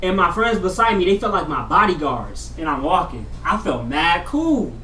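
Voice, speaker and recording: A slangy vlogger tells a casual story with a bright, lively voice that rises and falls a lot. The delivery moves between low mumbles and loud, excited bursts. It sounds recorded from a bit off the mic in an echoey room. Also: normal speed, far from the mic, a little hiss or hum. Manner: slangy, keeps saying "bro".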